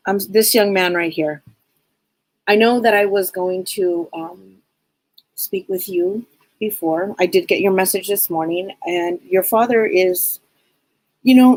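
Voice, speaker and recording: A woman's voice: medium pitch, unhurried, no room sound, low-quality recording. A woman hosting a live-stream psychic reading show, talking in a heartfelt, rambling way with many restarts.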